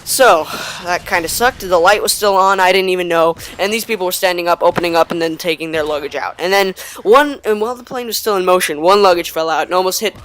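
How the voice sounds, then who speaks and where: A man's voice: high-pitched, fast, a little hiss or hum. Rambling teenage boy telling a story. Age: teens. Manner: rambling, excitable anecdote with acted-out quotes. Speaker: gaming channel host. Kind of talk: storytelling over gameplay.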